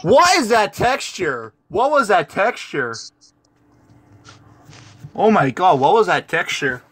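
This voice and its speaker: A man's voice: sits high, big pitch swings, takes it slowly, fairly bright tone. A teenage boy chatting casually and joking with friends on a gaming call, laughing often. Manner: giggly, joking, playful. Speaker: vlogger on a call.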